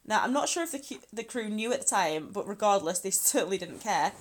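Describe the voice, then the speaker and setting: A woman's voice: mid-range voice, animated, brisk. A woman co-hosting a podcast, telling a true crime story in a chatty way, swearing freely and laughing often. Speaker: podcast co-host. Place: lives in Scotland.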